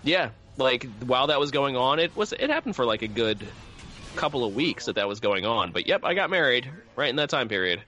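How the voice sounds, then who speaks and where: A man's voice: mid-range voice, big pitch swings, brisk, pushed and bright, a little hiss or hum. A man in his thirties from New Jersey, chatting casually as a podcast co-host and rambling with many fillers and restarts. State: coughing lately. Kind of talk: casual chat. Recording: dull lo-fi recording.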